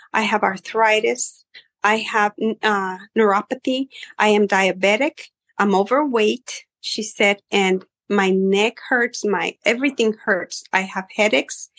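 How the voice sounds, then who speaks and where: A woman hairstylist telling stories about her clients, animated, acting out their voices, with many fillers. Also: mid-range voice. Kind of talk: casual storytelling interview.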